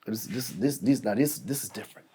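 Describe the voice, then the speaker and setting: A man telling stories as a podcast guest, animated and profane, often laughing and cutting in with "hold on.". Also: on the low side, brisk. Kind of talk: casual storytelling chat.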